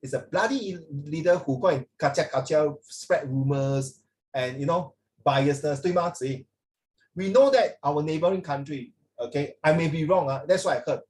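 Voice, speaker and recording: A man's voice: on the high side, moderate pace, a little mellow, rough recording. A middle-aged man with a Singaporean English accent, giving a blunt, opinionated classroom lecture and slipping into Mandarin. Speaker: teacher.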